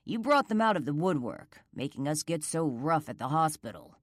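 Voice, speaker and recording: A woman's voice: sits low, no echo, studio quality. A woman voicing a smug, cruel outlaw boss. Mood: taunting. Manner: slow, calm, taunting drawl.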